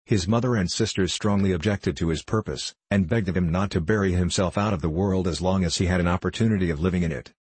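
A man narrating an old novel as an audiobook, in a steady, formal reading voice. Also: low voice, quick pace, hardly any pauses, slightly rough, no echo.

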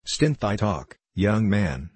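A man's voice: on the low side, very animated, slow pace, a little mellow, husky, dry recording, exaggerated voice. A man reading as a stern, troubled lord marshal. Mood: harsh. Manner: archaic formal speech, harsh at times.

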